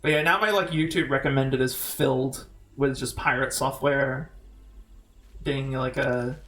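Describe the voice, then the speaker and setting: A young man streaming, ranting fast and casually, rambling, swearing and laughing often. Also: medium pitch, steady tone, fairly bright tone. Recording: echoey room, faint music.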